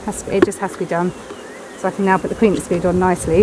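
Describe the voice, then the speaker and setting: A woman's voice: on the low side, very fast. Blunt woman beekeeper outdoors. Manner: chatty, blunt, mildly swearing, coaxing the bees. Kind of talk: casual hands-on commentary while working. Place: outdoors at beehives on a windy day. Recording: loud wind and bee buzzing behind.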